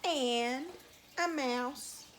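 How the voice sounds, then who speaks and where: A woman telling a folk tale to young children at story time, in a slow, sing-song, animated way. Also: high-pitched, slight background noise. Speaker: teacher reading to children.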